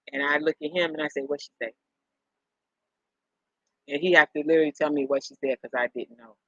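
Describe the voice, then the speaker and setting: A middle-aged woman rambles through a casual chat with her viewers, chuckling and circling back on herself. Her voice is bright and forceful. The sound is dry and a little lo-fi. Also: low voice, no echo. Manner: rambling storyteller, chuckles often, repeats herself. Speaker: live-stream host chatting with viewers. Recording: dull lo-fi sound.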